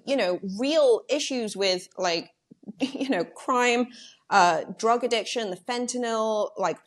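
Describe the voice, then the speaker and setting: A young woman from the United Kingdom, a journalist talking casually in an interview with lots of fillers and quick asides. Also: medium pitch. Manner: chatty, many fillers, quick animated asides. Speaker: journalist guest.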